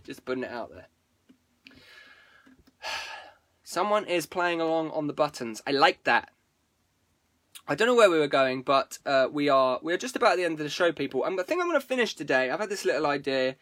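A man's voice: fairly high pitch, sing-song, a little fast, pauses often, a bit bright, no echo. A man hosting a live stream, rambling casually to viewers, swearing freely and breaking off his own sentences. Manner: rambling, sweary, self-interrupting.

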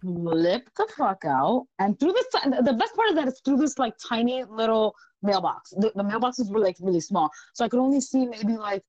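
A woman guest on a podcast telling a wild story in casual chat, animated and profane, laughing often. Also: on the high side, moderate pace, hardly any pauses, highs cut off.

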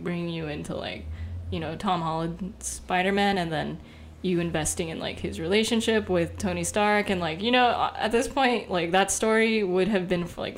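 A young woman co-hosting a casual podcast, talking softly and filling her speech with "like". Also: lowish voice, slight background noise. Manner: soft-spoken, peppered with "like". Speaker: podcast co-host.

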